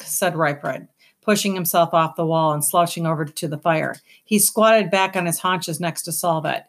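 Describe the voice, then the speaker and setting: A woman reads a children's fantasy novel aloud with expressive, lively storytelling. Her voice sits slightly low and she keeps the narration engaged. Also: normal speed. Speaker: audiobook narrator.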